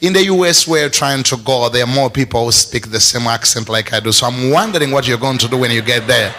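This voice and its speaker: A man's voice: medium pitch, fast talker, sharp tone, slight background noise, pitched below the performer's own voice, close to an everyday voice. A man voicing a curt, politely dismissive embassy visa officer with an American accent.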